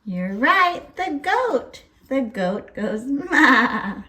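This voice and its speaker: A woman's voice: high-pitched, very animated, extremely slow, bright, forceful tone. A woman hosting a toddler lesson, speaking in a sing-song way and imitating farm animal noises. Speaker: children's teacher.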